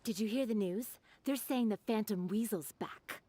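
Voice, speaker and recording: A woman's voice: medium pitch, moderate pace, slight background noise, close to an everyday voice. An actress voicing a chatty young townswoman in a video game, full of gossip. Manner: chatty and animated. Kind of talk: game voice acting.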